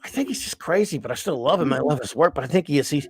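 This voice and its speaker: A middle-aged man with a fairly high voice tells long, rambling, profane stories in a casual host's chat. His voice sounds dry and close, with no room around it. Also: lively intonation, rapid-fire, breathy edge, no echo. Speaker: livestream host.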